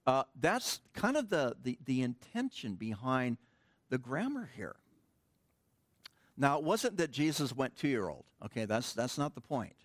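A man's voice: mid-range voice, big pitch swings, a little slow, no echo. A middle-aged man preaching a sermon in church, teaching a Greek grammar point with casual, joking asides to the congregation. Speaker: pastor. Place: church sanctuary.

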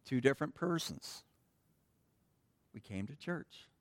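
A man's voice: mid-range voice, expressive, slow pace, dry recording. A middle-aged man preaching a sermon in church, teaching a Greek grammar point with casual, joking asides to the congregation. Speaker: pastor. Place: church sanctuary.

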